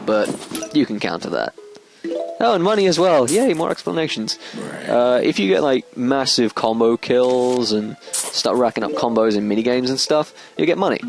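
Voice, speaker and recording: Guy doing let's play commentary, lively up and down voice, game music going behind. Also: poor audio. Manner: chatty, explains as he plays, sudden squeaky excited outbursts. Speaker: gameplay commentator.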